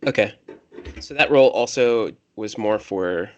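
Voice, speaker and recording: A man running a tabletop game as game master, narrating in a relaxed, hesitant way with fillers. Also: on the low side, unhurried, highs cut off.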